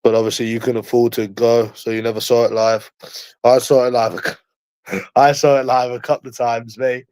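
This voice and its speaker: A man's voice: mid-range voice, level tone, normal speed, darkish tone, no room sound. A man with a London accent in casual chat, teasing and slangy, repeating himself often. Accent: London English.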